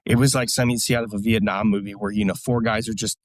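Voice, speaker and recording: A man's voice: fairly low pitch, fairly even intonation, racing, no echo. A man, a military veteran, casually telling blunt, profane war stories as a podcast guest, with many fillers. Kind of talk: casual storytelling.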